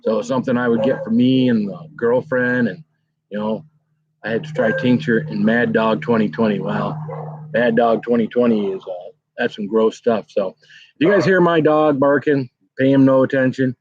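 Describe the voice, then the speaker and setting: A man's voice: medium pitch, steady tone, normal speed. A middle-aged man hosting a live stream from home, chatting casually and rambling with lots of fillers as he reads viewer comments. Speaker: livestream host. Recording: dry, dull lo-fi sound.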